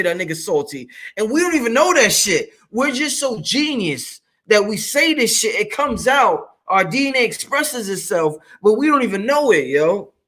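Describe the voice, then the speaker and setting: Animated profane man with a high voice. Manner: animated, shouts curse words for emphasis; freewheeling, emphatic and profane. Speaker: channel host. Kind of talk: casual monologue to camera.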